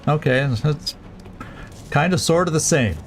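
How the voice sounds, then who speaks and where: A man's voice: fairly high pitch, a little slow, soft background music. A man streaming a strategy game, thinking aloud through each move with plenty of fillers and restarts. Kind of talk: casual let's-play commentary.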